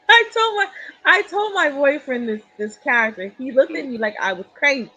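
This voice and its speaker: A woman hosting a casual interview, upbeat and quick to laugh. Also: high-pitched, lively intonation, bright, forceful tone, no room sound. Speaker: host. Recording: dull lo-fi recording with faint hum.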